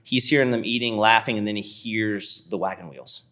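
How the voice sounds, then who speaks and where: Male preacher, vivid conversational sermon storyteller, lowish voice. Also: normal speed, sharp tone. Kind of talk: sermon retelling a scripture story.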